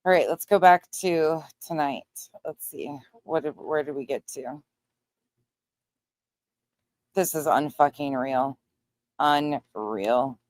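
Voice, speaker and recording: A woman's voice: low voice, a little slow, darkish tone, no room sound. A woman co-hosting a livestream, commenting bluntly and swearing heavily as she reacts to what she finds. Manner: blunt, profane, angry outbursts. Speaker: livestream co-host. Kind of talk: live-stream commentary.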